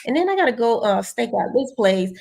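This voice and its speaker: Woman, casual review chat, gravelly voice, lively pitch, blunt. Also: fairly quick, noisy background. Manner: blunt, acts out characters' lines. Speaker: co-host of show review podcast.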